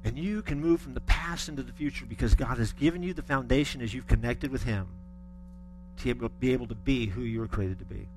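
A man's voice: medium pitch, quick pace, over music. A middle-aged man preaching a sermon, telling stories with folksy humor. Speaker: pastor.

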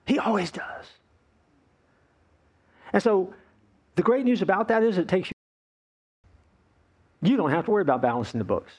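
A male pastor preaching a playful, animated sermon, acting out the voices of complaining people. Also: high-pitched, moderate pace, long pauses, breathy edge.

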